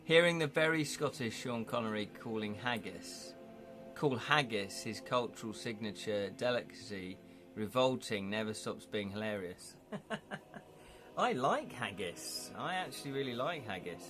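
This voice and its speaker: A man's voice: mid-range voice, animated, unhurried, music in the background. A man chatting casually on a live stream, rambling a little and reading out viewer comments, from the United Kingdom. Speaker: streamer and illustrator.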